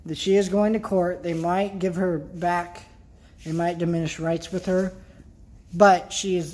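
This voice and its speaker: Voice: mid-range voice, darkish tone, a little hiss or hum. An upset vlogger talks straight to the camera in a loose, casual rant. The delivery is worked up and blunt, with mild swearing. Thoughts trail off into heavy sighs.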